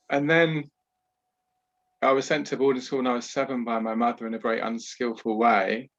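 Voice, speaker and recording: Man, podcast guest, low register, candid and measured storyteller, muffled lo-fi sound. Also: a bit bright. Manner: candid, measured, with many "you know" asides. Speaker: podcast guest, trauma healer. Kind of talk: reflective personal storytelling.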